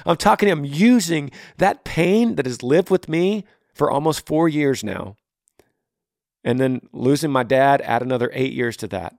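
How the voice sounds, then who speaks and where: A man's voice: medium pitch, expressive, measured pace, vocal fry, a little mellow, no room sound, studio quality. Earnest man with a blunt, rhythmic delivery. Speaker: podcast host. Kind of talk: answering a listener's question on grief. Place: home room.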